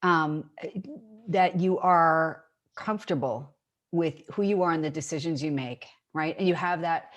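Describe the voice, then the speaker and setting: A woman's voice: deep voice, unhurried, highs cut off. A woman hosting an interview, speaking effusively and stammering through repeated starts. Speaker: interview host. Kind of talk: casual conversational interview.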